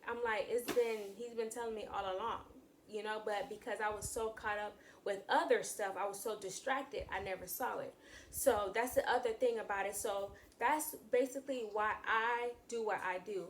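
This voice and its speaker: Casual vlogger woman, mid pitch, faint room noise, talks in loose repeating phrases. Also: normal speed. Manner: chatty, repeats and restarts phrases, addresses viewers as y'all. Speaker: channel host sharing faith views. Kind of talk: casual talk to camera.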